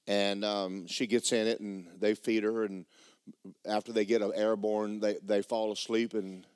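A male preacher telling a story in a folksy, animated way, often repeating words. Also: lowish voice, measured pace, smooth, no echo, studio quality. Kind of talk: storytelling sermon.

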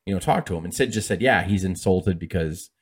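Male podcast co-host, rapid casual storyteller, acts out quotes. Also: low voice, breathy edge. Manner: fast, animated retelling with acted-out quotes and laughs.

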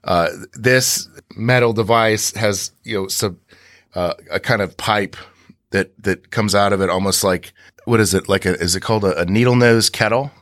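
Low-voiced man recapping at length. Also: moderate pace, fairly bright tone, dry recording, clean studio sound. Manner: rambling, recaps scenes with many restarts. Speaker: podcast co-host. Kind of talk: casual podcast discussion.

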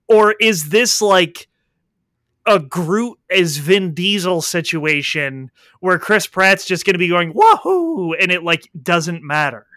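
A man in casual podcast chat, animated and quick to argue, swearing freely. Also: high voice, no room sound, clean studio sound.

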